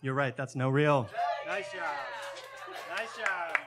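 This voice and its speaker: A man co-hosting a live pub trivia show, running a buzzer round and explaining the rules briskly. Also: on the high side, lively intonation, music in the background. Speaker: co-host of quiz. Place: pub stage with live audience.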